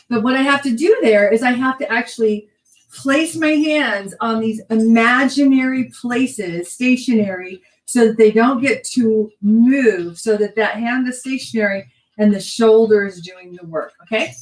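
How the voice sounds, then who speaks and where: A woman's voice: a little high, measured pace, reverberant, recorded from a distance, poor audio. A woman teaching a belly dance class, counting the moves aloud with chatty asides. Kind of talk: online dance class instruction.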